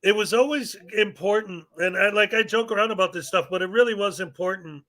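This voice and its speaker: A man's voice: high-pitched, brisk, bright, forceful tone. A man hosting a casual live stream, joking around and laughing often. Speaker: livestream host.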